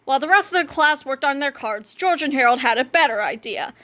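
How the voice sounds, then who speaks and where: A woman's voice: sits high, expressive, brisk, sharp tone. A woman reading a children's book aloud, playfully adding joking asides. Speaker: reader.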